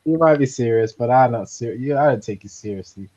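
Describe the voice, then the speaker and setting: A man trades calm, mocking jabs on a live panel. His voice stays mid-pitched and unbothered. The stream audio is dull and low-fidelity. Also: brisk. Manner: dismissive, teasing, calm. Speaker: panel caller.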